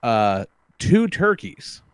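A man's voice: mid-range voice, big pitch swings, extremely slow, clear, resonant tone, no room sound. Profane storytelling podcast man. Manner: profane, storytelling, laughs often. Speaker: podcast host. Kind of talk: casual chat.

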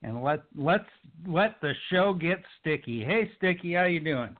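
An upbeat man hosting a call-in radio show, his voice sitting a little high for a man. He talks in an enthusiastic, friendly way. The sound comes through a thin, tinny phone line. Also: lively intonation, measured pace. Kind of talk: casual call-in radio chat.

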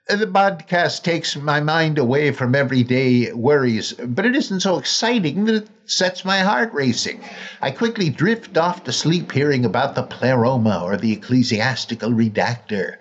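A man's voice: a little high, dull audio, pitched above the performer's own voice, natural voice. A man reading a listener's letter aloud in an exaggerated, put-on Finnish accent. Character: listener writing in from abroad, earnest questioner.

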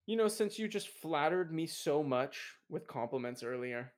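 Young male podcast co-host, bouncy higher voice, teasing banter. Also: animated. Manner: playful, teasing, quick to laugh. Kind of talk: casual chat.

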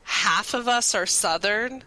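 A woman co-hosting a podcast, chatting in a lively, giggly way. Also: medium pitch, slow pace, poor audio. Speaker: podcast co-host. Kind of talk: casual chat.

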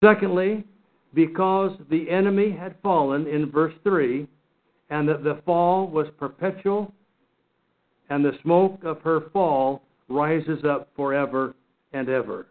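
A man's voice: on the high side, takes it slowly. A man teaching a Bible study lesson in an earnest, emphatic way, often repeating and restarting words. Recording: phone-like narrow sound.

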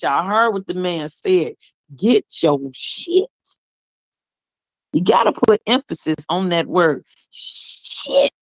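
A man hosting a call-in show, animated and laughing, hyping up his callers with slang. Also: high voice, no echo. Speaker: radio show host. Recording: dull lo-fi audio.

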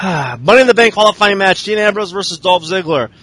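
A man's voice: high voice, animated, fairly quick, fairly bright tone, dry recording. A man casually recapping wrestling shows in a sardonic, profane way. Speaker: podcast host.

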